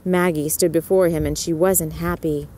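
A woman narrating a story in a soft whispered role-play, lifting her voice for the characters. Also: low-pitched, steady tone, moderate pace, slight background noise.

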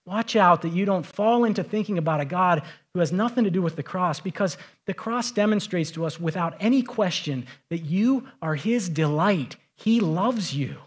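A man's voice: high-pitched, lively intonation, normal speed, hardly any pauses, breathy edge. A middle-aged man preaching a sermon as pastor, talking in a conversational storytelling way that rises to emphatic points.

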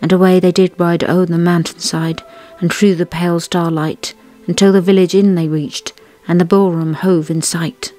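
A woman, co-host of a craft and history show, reciting verses of an old poem in a measured way. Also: lowish voice, little pitch movement, mellow, soft background music. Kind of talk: reading a poem aloud.

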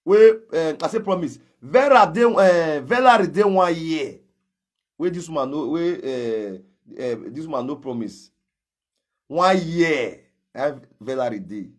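In a heated gossip rant on social media, a man with a Nigerian Pidgin English accent confronts someone head-on, calling them out and challenging them directly. His voice is on the high side, with lively intonation and a measured pace.

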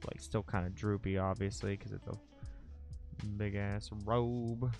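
A young man hosting a late-night livestream, chatting casually and breaking into excited high squeals. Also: a little fast, creaky, soft background music. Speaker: livestream host.

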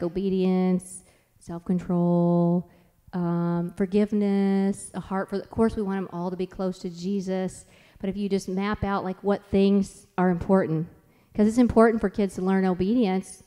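A woman's voice: medium pitch, dark tone, clean tone, big-room sound. A mother speaking at a church family conference who tells anecdotes about her kids in a chatty, rambling way, with many "like"s and restarts. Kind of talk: conference talk with storytelling.

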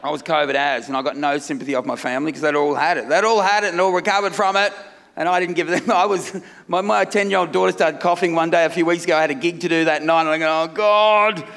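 Middle-aged man, Australian accent, brash stand-up set, laughs at own jokes, rough gravelly edge. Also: a little high, fairly even intonation, fast talker, a bit bright. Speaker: stand-up comedian. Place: comedy festival stage before a live crowd. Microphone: stage microphone.

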